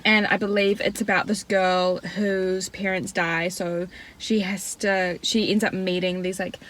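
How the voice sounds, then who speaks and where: A woman's voice: mid-range voice, flat delivery, measured pace, a bit bright, a little hiss or hum. A young woman in her twenties with a New Zealand accent, chatting casually about books and filling her talk with "like". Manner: chatty, lots of "like" fillers. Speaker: book vlogger. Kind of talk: casual chat.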